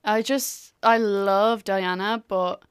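A young woman co-hosting a podcast, easygoing and quick to chime in. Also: medium pitch, steady tone, clean tone, dry recording, clean studio sound. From Ireland. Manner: easygoing, quick agreeing interjections. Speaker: podcast co-host. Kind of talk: casual chat.

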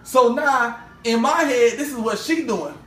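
A young man co-hosting a casual podcast tells a long story, animatedly acting out every quoted voice. His voice is very high and his pace measured. A distant mic captures it roomily, with faint ambience.

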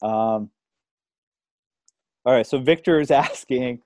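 Chatty young man, mellow voice. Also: medium pitch, slow pace, no echo, clean studio sound. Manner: chatty, rambling, filler-heavy. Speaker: podcast host. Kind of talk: casual interview storytelling.

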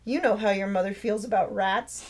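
A woman's voice: mid-range voice, normal speed, lightly acted. A woman voicing a wry, easygoing retired Marine father in his sixties.

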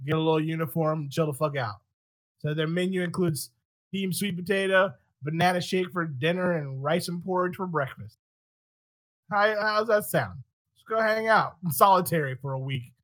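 A man hosting a podcast, chatting casually with a bright, forceful tone. He is animated, swears a lot and laughs between lines. The sound is dry and close. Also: on the high side, moderate pace, no echo. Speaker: podcast host. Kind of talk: casual chat.

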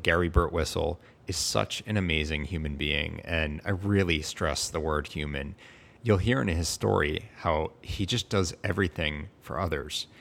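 A man's voice: deep voice, gravelly, a bit bright. A man hosting a podcast, chatting casually with an enthusiastic and playful manner. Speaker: podcast host. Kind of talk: casual interview chat.

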